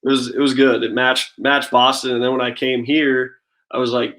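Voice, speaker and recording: A man in his thirties talks easily as a guest, spinning relaxed stories with lots of "like" and "I mean". His voice sits in a middling pitch and stays fairly level, rarely rising or falling much. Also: moderate pace, poor audio. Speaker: guest, professional baseball pitcher. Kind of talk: casual interview chat.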